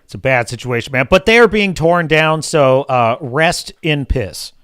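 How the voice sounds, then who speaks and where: A man's voice: on the high side, expressive, unhurried, fairly bright tone. Sarcastic ranting male podcast host. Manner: sarcastic, crude, exasperated. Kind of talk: casual live-show rant.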